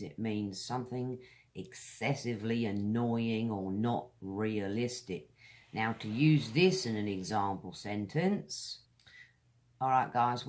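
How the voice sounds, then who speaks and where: A woman with a British accent teaching English pronunciation, drawing out each word slowly and deliberately while talking straight to her viewers in a friendly way. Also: a bass voice. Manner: slow, deliberate, drawn-out words; friendly direct address to viewers. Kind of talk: pronunciation lesson.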